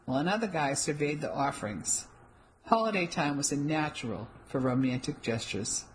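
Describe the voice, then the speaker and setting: A woman reading a first-person mystery novel aloud in an even, descriptive storytelling manner. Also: deep voice, a little hiss or hum, rough recording. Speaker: audiobook narrator.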